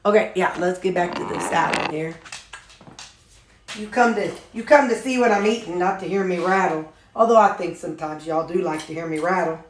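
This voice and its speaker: A woman's voice: lowish voice, normal speed, roomy sound. A woman chatting casually while she makes supper, rambling through a story with lots of ums. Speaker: vlogger showing her meals.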